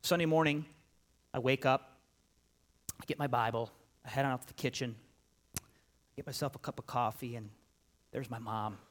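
A middle-aged man preaching a sermon, telling a personal story with animated swings from loud emphasis to quiet asides. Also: medium pitch, normal speed, long pauses. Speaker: pastor.

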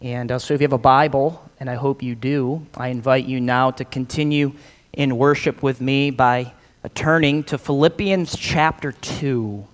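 A male pastor preaching an Easter sermon and reading scripture aloud, with earnest, drawn-out emphasis on key words. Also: mid-range voice, fairly even intonation. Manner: fillers between phrases. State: slightly out of breath.

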